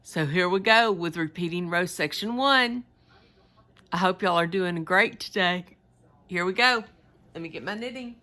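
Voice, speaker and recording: A woman's voice: fairly low pitch, a little slow, bright, forceful tone. A woman with a Southern US accent, chatting in a rambling, folksy way to her viewers while she knits. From United States. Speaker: knitting vlogger. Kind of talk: casual chat while knitting.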